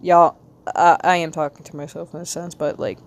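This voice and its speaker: An American woman with a light Southern accent, rambling casually to her stream while she draws, talking to herself with quick bursts of excitement. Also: low voice, no echo. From United States. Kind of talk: casual live-stream chat while drawing.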